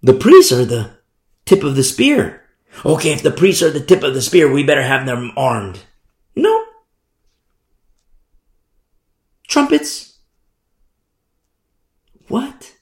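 A man's voice: medium pitch, very animated, normal speed, roomy sound. A man preaching a Bible sermon in an emphatic, rhetorical way, often asking "you see?".

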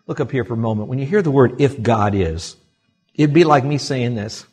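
Male pastor, husky tone, dynamic pulpit delivery swinging soft to loud, church sermon. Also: medium pitch, fairly quick, soft background music. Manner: animated preaching with wide swings from quiet to loud.

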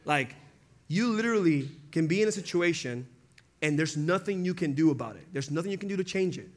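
Young guy preaching casual, chatty and animated, does little voices, laughs a lot, kinda high voice. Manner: conversational, animated, acts out quotes, laughs often. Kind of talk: casual sermon.

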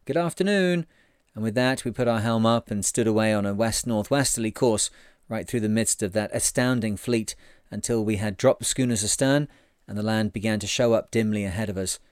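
A male narrator reading a sailing memoir aloud in a measured storytelling manner. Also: lowish voice, steady tone, clear, resonant tone, no room sound, clean studio sound.

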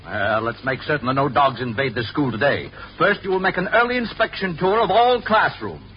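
A man's voice: on the high side, expressive, a little fast, lightly acted. An actor playing a stern, pompous male school principal in a 1950s radio sitcom, blustery and commanding. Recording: dull old radio recording with hiss.

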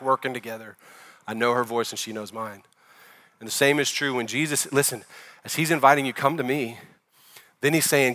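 Bright-voiced male pastor preaching. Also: mid-range voice. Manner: conversational preaching, rising loud for emphasis then dropping soft. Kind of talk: sermon.

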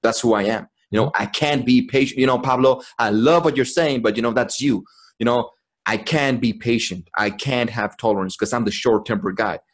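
A man's voice: mid-range voice, normal speed. A man co-hosting a podcast, talking in a profane, emphatic way and laughing often. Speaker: podcast co-host. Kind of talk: casual chat.

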